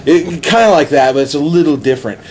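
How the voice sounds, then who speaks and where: A man in casual podcast chat, retelling a movie plot excitedly with many restarts. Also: on the high side, quick pace, crowd noise. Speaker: podcast host.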